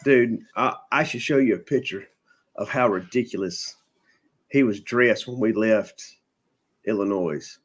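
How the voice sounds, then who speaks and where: A podcast host with a lowish voice and a slightly slow delivery tells a long, funny story in a casual way. He's an animated storyteller who mimics the people he quotes.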